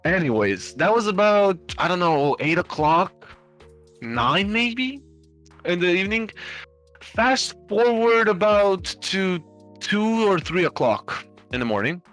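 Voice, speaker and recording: A man's voice: high-pitched, sing-song, slow, a bit bright, soft background music. Rambling man telling a story. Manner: rambling anecdote with many fillers and restarts; swears casually. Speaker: stream host. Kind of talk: casual storytelling on a live stream.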